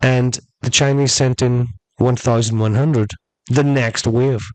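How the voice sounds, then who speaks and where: A man's voice: medium pitch, steady tone, unhurried, a little mellow, no room sound, poor audio. Rambling storytelling man, dry mic. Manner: rambling, chatty, addresses listeners as folks. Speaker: podcast host. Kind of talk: casual storytelling monologue.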